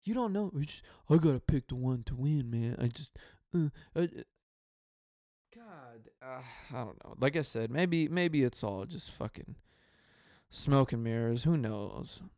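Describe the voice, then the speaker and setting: A man's voice: medium pitch, unhurried, mellow, dry recording, studio quality. A man hosting a solo comedy podcast, ranting in a cynical, profane, rambling way, breaking off to laugh and sigh. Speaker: podcast host.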